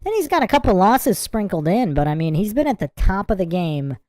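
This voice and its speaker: A woman's voice: medium pitch, very animated, brisk, mellow, no echo. A woman hosting a casual livestream, giving a rambling reaction commentary on a sports clip and breaking into laughter again and again. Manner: giggly, keeps breaking into laughter; rambling, repeats itself. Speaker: livestream host.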